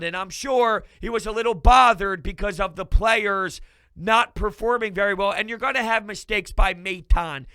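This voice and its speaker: A man's voice: high-pitched, sharp tone, clean tone, dry recording. A man hosting his own sports fan channel, giving a fired-up, emphatic post-game recap and swearing casually.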